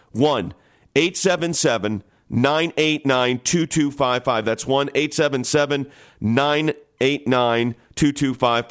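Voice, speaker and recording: Male radio talk host, mid-pitched voice, urgent and emphatic, pleads with listeners. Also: a bit bright. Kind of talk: radio call-in talk show.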